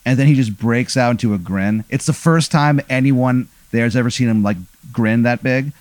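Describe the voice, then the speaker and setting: A man improvises a long, goofy scenario in casual conversation, full of fillers, restarts and quick jumps into the characters' voices. His pitch sits in the ordinary middle range for a man. The recording is dry and close. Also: darkish tone, no room sound. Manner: rambling, many fillers and restarts, acts out quoted lines. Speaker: host telling a made-up scenario.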